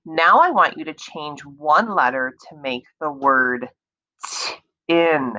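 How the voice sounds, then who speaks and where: A woman teacher giving a slow, patient early reading lesson to young children, repeating words and stretching out sounds to encourage them. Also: low-pitched, expressive, sharp tone, highs cut off.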